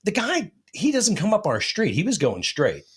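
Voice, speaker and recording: A man's voice: high voice, huge pitch swings, normal speed, slightly rough. A man telling a long, profanity-laced anecdote in casual chat, acting out what people said. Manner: profane, rambling anecdote with acted-out quotes. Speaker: host.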